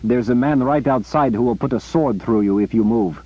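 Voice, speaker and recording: Brief: man voicing a cheerful, daring captain, brisk and commanding, husky, lo-fi audiobook sound. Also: mid-range voice, mellow, lightly acted. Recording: muffled lo-fi recording.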